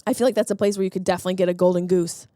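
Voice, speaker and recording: A woman's voice: fairly low pitch, steady tone, very fast, warm tone, no room sound. A woman in her thirties hosting a comedic solo podcast, riffing sarcastically on news stories. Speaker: podcast host.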